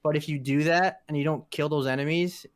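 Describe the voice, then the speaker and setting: A man's voice: fairly high pitch, fairly even intonation, fairly quick, no echo. A man co-hosting a podcast, chatting casually about games in a rambling way, with plenty of fillers and restarts. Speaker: podcast co-host.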